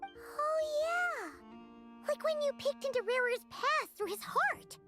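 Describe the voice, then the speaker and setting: A tiny, chirpy childlike female sidekick from a video game, piping up with eager questions in a very high voice. Game music plays clearly behind her. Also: expressive, slow pace, exaggerated voice. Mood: curious.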